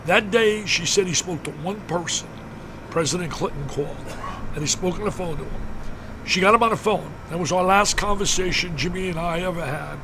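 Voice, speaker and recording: A man's voice: sits high, normal speed, noisy background. An older man, a broadcaster being interviewed, telling a story emphatically and fervently, repeating words for force. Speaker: interview guest, basketball broadcaster. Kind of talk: emotional storytelling in a radio interview.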